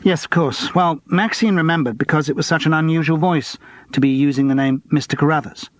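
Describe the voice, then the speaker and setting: Guy doing a cheeky young escort in an audiobook, breezy and gossipy, a bit higher voice. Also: steady tone, fairly quick, close to an everyday voice. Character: young male escort and out-of-work actor, cheeky.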